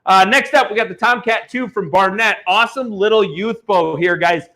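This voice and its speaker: A man with a high, bright and forceful voice, hosting a live auction stream. He talks bluntly and heatedly, pushing products like a salesman. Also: moderate pace. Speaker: online auction host.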